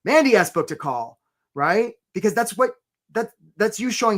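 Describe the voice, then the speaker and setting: A man's voice: sits high, animated, brisk, a bit bright. A man hosting a live career webinar, talking energetically and conversationally and often checking in with "right?".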